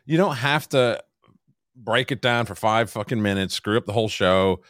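A man's voice: on the low side, normal speed, fairly bright tone, no echo, studio quality. A man co-hosting a casual podcast who pushes back bluntly and sarcastically and swears now and then. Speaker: podcast co-host. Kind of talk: casual argumentative podcast banter.

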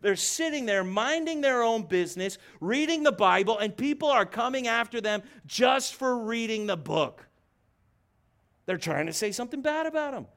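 A male pastor with a notably high voice delivers a fervent sermon. He preaches with emphatic force and repeats his words as he drives each point home. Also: lively intonation, moderate pace, a bit bright. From United States. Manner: passionate, emphatic preaching with repetitions.

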